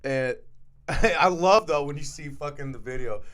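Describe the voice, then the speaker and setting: A man's voice: on the high side, moderate pace. A man co-hosting a podcast, talking in crude casual banter, swearing constantly and laughing often. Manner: profane, animated, laughs often. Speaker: podcast co-host.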